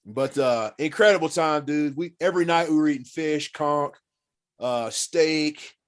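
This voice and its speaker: A man telling hunting and fishing stories as a podcast guest in casual, animated talk, swearing freely and acting out what people said. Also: on the high side, measured pace. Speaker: podcast guest, former pro football player. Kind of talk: casual storytelling.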